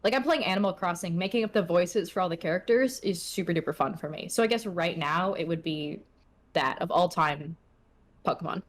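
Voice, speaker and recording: A young adult woman with a lowish voice speaks briskly. She's a streamer chatting casually as an interview guest, full of filler words and self-deprecating asides.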